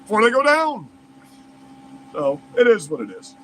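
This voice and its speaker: A man's voice: sits high, huge pitch swings, normal speed, a bit bright, slight background noise, poor audio. A man reads news aloud and breaks off into heated, profane, incredulous rants as a commentary host. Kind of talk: reading news aloud and ranting over it.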